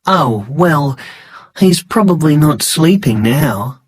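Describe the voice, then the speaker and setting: A man reading a storybook, voicing a protective young woman who scolds in a raised, high voice. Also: expressive, takes it slowly, breathy edge, dry recording, exaggerated voice. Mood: annoyed.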